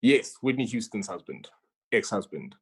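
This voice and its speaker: A woman's voice: extremely low pitch, very animated, normal speed, husky. A woman hosting an online quiz over a video call, chatty and stumbling over her words as she reads each question twice. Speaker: quizmaster.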